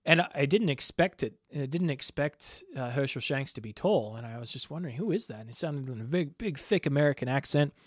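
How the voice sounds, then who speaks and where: A man's voice: medium pitch, animated, fairly quick, few pauses, dry recording, clean studio sound. A man in his thirties hosting a program, talking conversationally with frequent restarts and personal asides. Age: 30s. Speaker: host. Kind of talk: casual spoken commentary.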